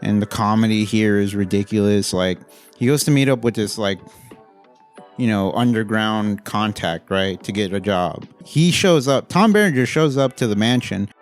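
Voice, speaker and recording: A man giving a casual, rambling, profane movie review, getting animated as he rants. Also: lowish voice, moderate pace, faint music behind.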